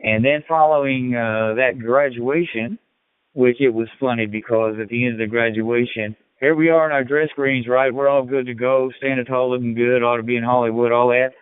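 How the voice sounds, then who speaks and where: On a ham radio net, a man in his sixties from Illinois talks casually in a rambling, folksy style peppered with fillers, carrying a slight Southern twang. His voice is medium-pitched, steady, clean, and at normal speed, without echo, coming through a tinny radio transmission.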